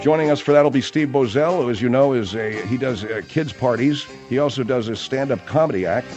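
A man's voice: mid-range voice, fairly quick, a little mellow, muffled recording, soft background music. A man hosting a comedic radio talk show, wry and playful, often mock-flustered.

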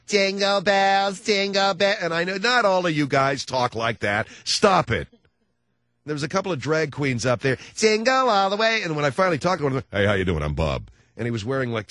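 A man hosting a talk radio show, chatting with callers in a rambling, halting way full of fillers and restarts, joking and slipping into mocking voices. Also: medium pitch, no room sound. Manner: jokey, breaks into mocking voices.

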